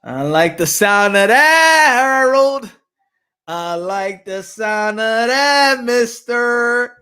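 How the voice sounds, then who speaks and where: A man hosting a boxing channel, talking casually and excitedly on a livestream, trash-talking and laughing. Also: extremely high pitch, extremely slow, smooth.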